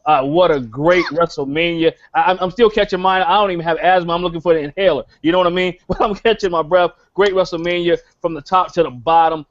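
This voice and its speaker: A man's voice: a little high, fast talker, hardly any pauses. A man hosting a wrestling podcast, hyping it up like an announcer and repeating phrases. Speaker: podcast host. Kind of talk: show-opening podcast chat. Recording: dull lo-fi call audio.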